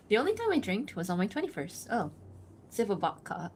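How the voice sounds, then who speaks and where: A woman's voice: mid-range voice, sing-song, normal speed, slight background noise. Chatty, giggly woman streamer. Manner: chatty, giggles often, thinks aloud with fillers. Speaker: livestreaming artist. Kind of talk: casual chat reading and answering chat.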